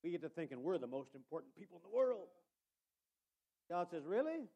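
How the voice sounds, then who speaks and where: A male preacher giving a sermon, calling out to listeners by name and swinging from hushed asides to shouted emphasis. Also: a little high, very animated, rapid-fire, creaky, slightly rough. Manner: addresses listeners by name as brother.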